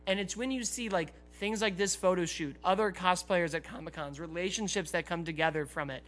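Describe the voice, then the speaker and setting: A man's voice: sits high, a little fast, fairly bright tone. A man co-hosting a podcast, speaking earnestly and heartfelt, with frequent restarts. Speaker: podcast co-host. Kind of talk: casual podcast chat.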